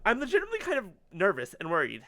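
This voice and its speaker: A man giving excitable let's play commentary, swearing casually. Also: high-pitched, racing. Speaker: streamer.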